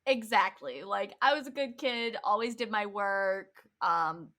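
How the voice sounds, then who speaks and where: A woman's voice: mid-range voice, lively intonation, unhurried, pushed and bright. A young woman co-hosting a podcast, telling a school story in casual chat, laughing often and acting out what people said. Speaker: podcast co-host.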